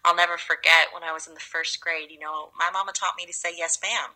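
A young woman from Los Angeles, a guest actress, telling animated stories in a casual interview. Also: lowish voice, rough recording. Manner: animated, drawn-out storytelling.

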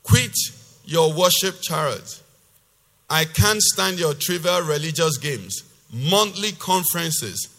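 Forceful pastor in a reverberant hall. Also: male voice. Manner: reads scripture loudly and forcefully, then explains in a lower conversational voice. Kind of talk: sermon with scripture reading. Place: church hall. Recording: long reverb of a church hall.

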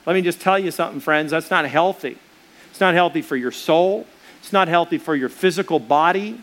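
High-voiced man preaching earnestly. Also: a bit bright. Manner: earnest, emphatic, addresses listeners directly; drives points home by repetition. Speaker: pastor. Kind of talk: sermon.

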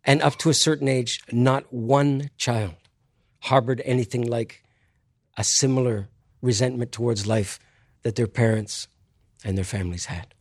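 A man answering an audience question with a reflective story. He talks deliberately with pauses, makes wry asides and laughs at his own jokes. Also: mid-range voice, fairly even intonation, no room sound, studio quality.

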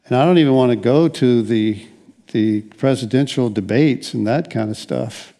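A man's voice: mid-range voice, moderate pace, warm tone. An older man preaching a conversational sermon as pastor, rambling along with frequent restarts and wry asides.

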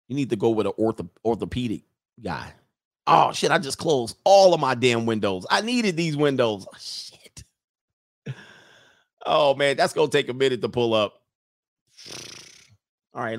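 A man riffs through a casual livestream, blunt, loud and joking, laughing between lines. His voice sits at an ordinary middle pitch, and the sound is close and dry with no room around it. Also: no room sound. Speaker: livestream host.

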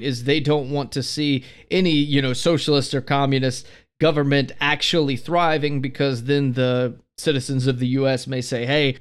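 A man co-hosting a casual podcast discussion, reading from prepared notes in a relaxed way. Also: mid-range voice, clean tone. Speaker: podcast co-host.

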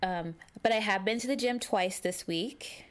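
A young woman co-hosts a podcast in a medium-pitched, slightly slow voice, chatting casually. She tells stories with animation, acting out the quotes.

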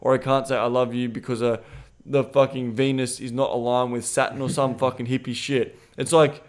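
A man co-hosting a podcast, speaking candidly and swearing freely as he acts out conversations with animated voices. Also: medium pitch, moderate pace. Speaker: podcast co-host. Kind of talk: casual podcast chat.

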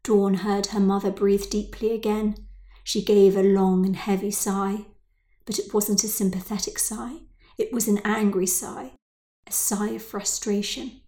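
A woman narrating a children's story in an expressive, measured way. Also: mid-range voice. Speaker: audiobook narrator.

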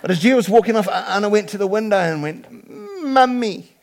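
A man preaching a sermon as pastor, moving from chatty storytelling to loud, emphatic preaching. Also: high-pitched, fairly even intonation, racing, creaky, slight background noise.

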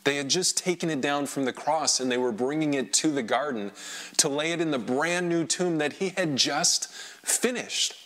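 A man performing an emotional first-person dramatic monologue, swinging between hushed lines and loud outbursts. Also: on the high side, moderate pace. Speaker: dramatic storyteller.

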